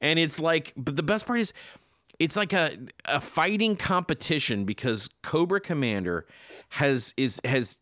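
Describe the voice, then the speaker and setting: A male podcast host recaps an old cartoon in an excited, rambling way, full of fillers and restarts. His pitch swoops up and down a lot, and the sound is dry and close. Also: measured pace, dry recording. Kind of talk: casual chat.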